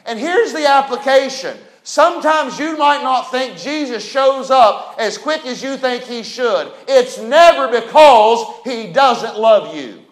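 High-voiced preacher. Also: male voice, expressive, measured pace, few pauses, roomy sound. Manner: folksy, emphatic, rising to shouts. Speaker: pastor. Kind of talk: sermon.

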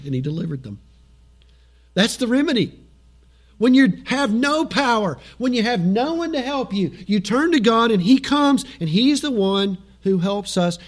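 A man preaching a sermon as pastor, animated, acting out quoted voices and chuckling as he goes. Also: sits high.

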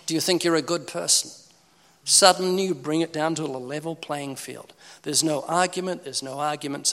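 This evangelist speaker has a somewhat high, creaky voice. He's animated and funny, preaching about evangelism and playing out dialogues between characters, and the recording has an echoey hall reverb.

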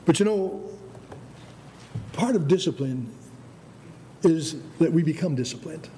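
Unhurried and mellow, an older American preacher's fairly high voice carries his sermon. He drives points home, starts phrases over, and calls "Amen?" to the congregation, with a faint background rumble behind him.

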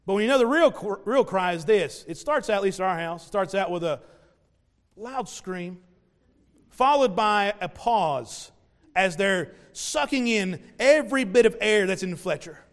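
A man preaching a sermon to his congregation, animated, acting out little voices of the people in the story. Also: sits high, measured pace. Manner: animated, plays out voices of mockers and parents. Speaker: pastor.

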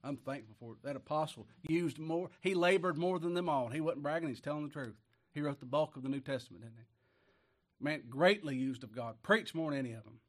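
Country preacher from Kentucky, folksy, keeps asking the congregation questions, booms on the verses. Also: male voice, brisk. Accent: Appalachian Kentucky. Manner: folksy, asks the congregation rhetorical questions, rises loud on scripture. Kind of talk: sermon.

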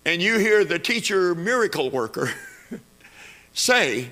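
A man's voice: high voice, very animated, slow, pauses often, sharp tone. A man preaching a sermon, building to emphatic peaks and repeating phrases as he goes.

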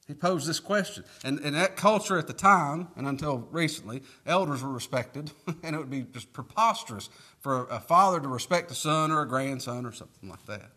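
Bright-voiced emphatic male preacher. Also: on the high side, a little fast. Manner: folksy, emphatic preaching with scripture reading and rhetorical questions. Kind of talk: sermon.

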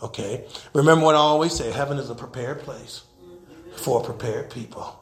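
A man preaching a sermon as pastor. He swings from loud to hushed and laughs as he preaches. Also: medium pitch, a little fast, echoey room. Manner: laughs while preaching, acts out quoted voices.

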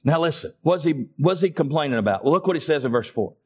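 With a husky, high voice, this pastor delivers a fast sermon full of lively intonation. Using Southern US vernacular, he calls out to the congregation in front of him and asks for an amen, while his preaching rises steadily toward passionate, nearly shouted climaxes.

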